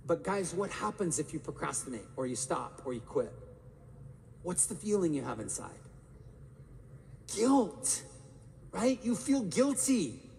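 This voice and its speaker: A man with a somewhat high, gravelly voice gives an energetic motivational talk and keeps asking the crowd questions. Long reverb from a large hall surrounds him, with a faint murmur of room noise behind. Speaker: motivational speaker. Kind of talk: live talk to an audience.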